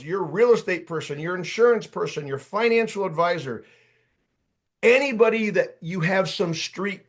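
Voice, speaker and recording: A man in his late fifties leads an online job-search workshop over a video call. He is chatty and fired up, calling on attendees by name. His voice sits a little higher than most men's. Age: 50s. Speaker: workshop coach. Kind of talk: energetic online workshop talk.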